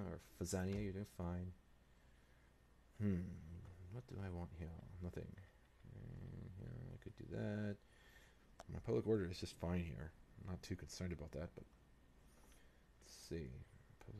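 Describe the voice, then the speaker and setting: A man's voice: sits low, gravelly, darkish tone, a little hiss or hum. A man hosting a strategy game playthrough, thinking aloud and muttering to himself and the game as he plays. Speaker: let's play host.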